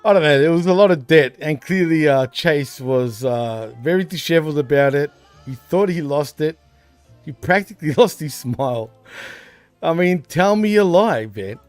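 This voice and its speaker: A man's voice: a little high, animated, moderate pace, no room sound, faint music behind. An Australian man co-hosting a podcast, chatting casually in a laid-back way, calling people bro and dude. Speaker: podcast co-host. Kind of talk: casual wrestling banter.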